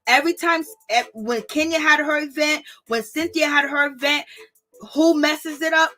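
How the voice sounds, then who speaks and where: High, bright-voiced exasperated woman vlogger. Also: normal speed, soft background music. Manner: exasperated, animated, slangy, talks to viewers directly. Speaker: vlogger reviewing reality TV. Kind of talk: casual ranting commentary.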